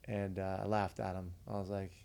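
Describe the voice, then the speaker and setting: Veteran podcast guest, man, deep and flat, warm gravel, easygoing storyteller. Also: fairly quick. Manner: earnest, conversational, retells dialogue. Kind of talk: casual storytelling.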